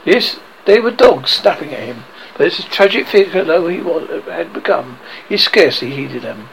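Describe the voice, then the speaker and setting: A man narrating an audiobook in an expressive way, now and then stumbling and rereading words. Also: on the high side, normal speed, gravelly, a little hiss or hum, rough recording. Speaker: reader.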